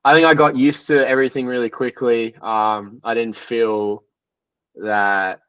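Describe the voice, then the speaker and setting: A man's voice: mid-range voice, steady tone, a little slow, smooth, no room sound, far from the mic, dull audio. A young man, a triathlete guest, telling stories in a casual podcast interview, rambling and full of "like" fillers. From Australia.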